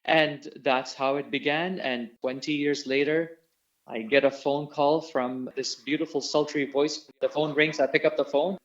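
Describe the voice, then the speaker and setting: A man's voice: on the high side, measured pace, lo-fi sound. A middle-aged man, a tabla player and singer, telling stories as an interview guest and acting out the voices he quotes. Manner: animated storyteller who acts out quoted voices. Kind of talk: storytelling in an interview.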